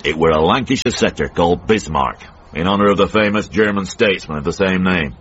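An actor playing a cantankerous older northern man in a radio comedy drama, blunt and gruff with a Northern English accent. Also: low voice, a little fast, fairly bright tone, a little hiss or hum. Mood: grumbling. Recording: dull old radio broadcast.

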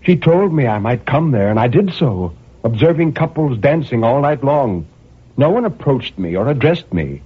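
A man's voice: mid-range voice, very animated, moderate pace, breathy edge. A man reading a dramatic first-person story in a brooding manner, with impassioned outbursts. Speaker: narrator. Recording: tinny narrow-band recording.

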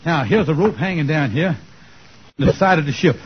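A bossy, chuckling schemer from a 1940s radio comedy. His voice sits high and husky, and he is always hatching the next plan. It sounds like a muffled old radio broadcast. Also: expressive. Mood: scheming, bossy. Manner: bossy, fast-planning, chuckling. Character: scheming blustery grown male schemer. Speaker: comic lead in a radio sitcom.

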